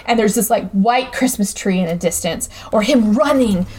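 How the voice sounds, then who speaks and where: A woman's voice: mid-range voice, normal speed, a little mellow, slight background noise. A woman chatting casually as she recaps a movie plot, with lots of fillers and asides. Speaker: podcast host.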